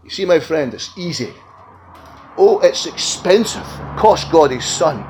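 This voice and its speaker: A man's voice: fairly high pitch, expressive, measured pace, a little hiss or hum, low-quality recording. Impassioned man preaching a sermon. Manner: impassioned, swinging between loud appeals and hushed lines. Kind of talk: evangelistic sermon. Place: tent meeting.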